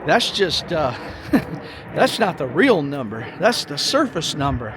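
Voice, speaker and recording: A man's voice: fairly high pitch, very animated, a little slow, noisy background. A middle-aged man giving casual, rambling money commentary in a vlog, emphatic and folksy, often repeating himself. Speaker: finance vlogger.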